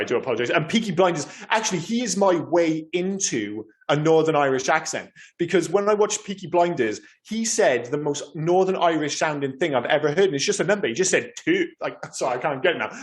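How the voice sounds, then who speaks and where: A man co-hosting a film podcast, chatting casually and rambling with lively, sweary asides. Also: on the high side, fast, hardly any pauses. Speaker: podcast co-host. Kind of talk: casual chat.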